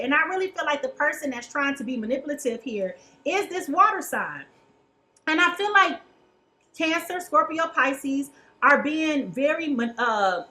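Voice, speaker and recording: High bright chatty woman reading tarot. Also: rough recording. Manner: chatty, colloquial, keeps asking "okay?". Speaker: tarot reader.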